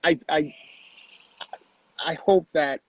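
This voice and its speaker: A middle-aged man, appearing as a guest, tells a personal story in conversation with a husky, rather high voice, speaking slowly and repeating phrases with earnest emphasis. The recording is dry and close with no echo, and it has a dull, lo-fi homemade feel.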